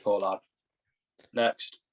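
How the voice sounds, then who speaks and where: A young English man co-hosting a podcast in casual, teasing banter, quick to laugh at his own jokes. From England. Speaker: podcast co-host.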